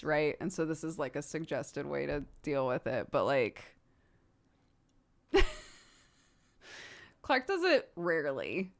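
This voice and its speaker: A woman's voice: deep voice, very animated, a little slow, long pauses. A woman in her thirties, a streamer chatting casually with her viewers, rambling and laughing often. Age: 30s.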